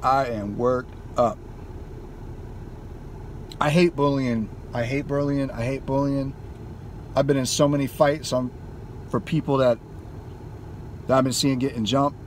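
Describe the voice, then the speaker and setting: Here the gaming YouTuber's car rant is emphatic and full of swearing, though his mid-range voice is flat, at normal speed with long pauses. A faint hiss or hum lingers in the background.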